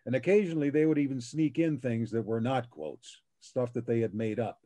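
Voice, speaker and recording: An older man with a soothing, gentle voice, telling unhurried stories as a voice actor guest on a video call. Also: mid-range voice. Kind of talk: casual chat on a video call.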